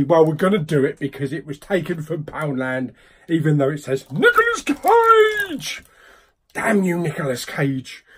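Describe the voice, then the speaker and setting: A man's voice: fairly high pitch, husky. A British man hosting a casual unboxing vlog, joking and grumbling in mock exasperation at what he pulls out. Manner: expressive, mock-exasperated, jokey asides. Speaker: vlogger reviewing bargain-bin films.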